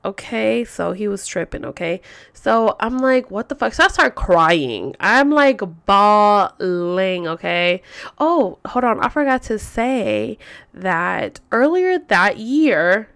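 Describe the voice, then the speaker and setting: A woman's voice: mid-range voice, sing-song, slow, creaky, fairly bright tone. A woman telling a long personal story on a vlog, rambling and swearing, with "like" in every other phrase. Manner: rambling, profane, frequent "like" fillers. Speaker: vlogger.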